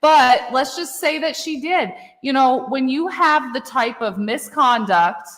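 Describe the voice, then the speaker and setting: A woman's voice: high-pitched, a little slow, a bit bright, big-room sound. A woman hosting a casual true-crime chat, effusive and blunt, swearing casually. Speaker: podcast host.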